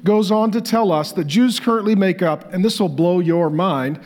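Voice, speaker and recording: A male pastor delivering a sermon, reading facts aloud and breaking into animated, joking asides. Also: high voice, moderate pace. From Irish descent.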